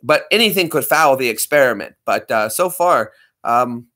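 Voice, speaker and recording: A man's voice: medium pitch, lively intonation, moderate pace, sharp tone. A man in his thirties hosting a livestream, rambling and joking as he answers chat. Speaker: livestream host.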